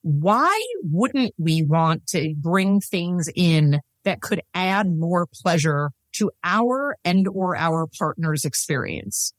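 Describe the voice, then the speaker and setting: A woman with a fairly low voice speaks in a podcast interview, earnest and emphatic, hammering home her main points. She laughs easily but stays serious. The sound is dry and close, with no room around it. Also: animated, slow pace, hardly any pauses, no echo. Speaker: sex and intimacy coach, podcast guest.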